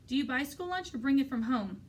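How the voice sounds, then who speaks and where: A woman voicing a friendly, brisk older resource teacher, her voice raised a little above her reading voice, a little off-mic. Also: high voice, lively intonation, darkish tone, recorded from a distance, slight background noise, pitched above the performer's own voice.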